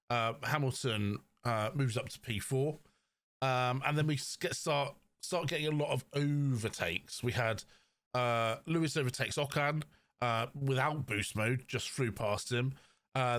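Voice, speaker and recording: A man with a Cornish accent co-hosting a podcast, chatting through a race weekend with fillers and quick explanations. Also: medium pitch, fairly bright tone, no room sound. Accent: Cornish English. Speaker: podcast co-host. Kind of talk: casual race recap chat.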